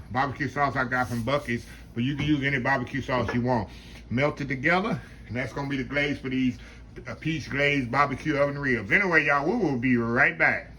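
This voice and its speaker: A man's voice: medium pitch, sharp tone, slight background noise. A man with a Southern country accent, chatting folksily through a home kitchen cooking demonstration and calling his viewers y'all.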